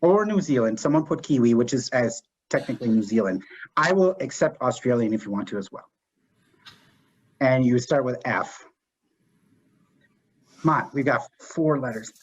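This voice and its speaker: A man hosting an improv game, giving rules with many pauses and fillers. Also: medium pitch, expressive, breathy edge. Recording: dull lo-fi stream audio.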